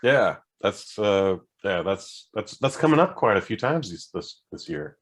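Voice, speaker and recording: Low-voiced, riffing male podcast co-host. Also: big pitch swings, a little slow. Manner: jokey, riffing, hesitant restarts. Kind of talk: casual comedic banter.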